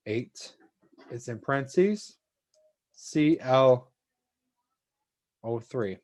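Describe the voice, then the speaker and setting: A man's voice: mid-range voice, lively intonation, slow, long pauses, darkish tone. A man teaching a chemistry lesson to an online class, talking casually and thanking students by name.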